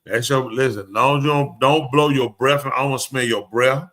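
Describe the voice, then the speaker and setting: Male live-show podcast host with a bright, forward voice at an ordinary pitch, blunt and opinionated, talking straight at the room. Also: fairly even intonation, a little fast. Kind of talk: casual chat.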